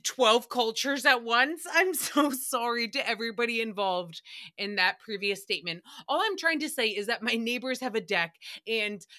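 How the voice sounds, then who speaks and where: A woman hosting her own podcast, talking solo in a brash, profane, animated way as she tells stories. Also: on the high side, normal speed. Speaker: podcast host. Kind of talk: casual solo podcast chat.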